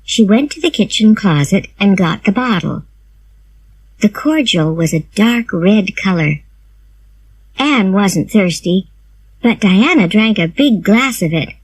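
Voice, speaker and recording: A woman reading a simplified storybook aloud, slow, clear and expressive. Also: medium pitch. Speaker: narrator.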